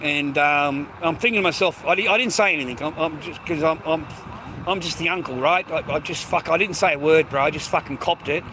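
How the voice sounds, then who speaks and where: A man's voice: on the high side, a little fast, pushed and bright. An Australian man in his fifties, ranting aggrieved and profane in a vlog, stammering over restarts. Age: 50s. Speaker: vlogger. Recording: noisy outdoor street recording.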